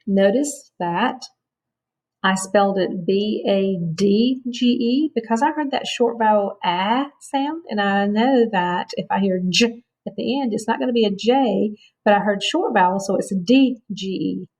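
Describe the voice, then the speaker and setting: Slow-spoken woman teaching phonics. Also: medium pitch, a little mellow. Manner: slow, clear, encouraging teacher talk. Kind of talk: phonics lesson for children.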